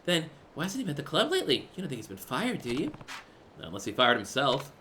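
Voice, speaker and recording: A man voicing a flustered, worried young woman customer in a game, high and breathless. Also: huge pitch swings, quick pace, sharp tone, slight background noise, exaggerated voice. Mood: fretful.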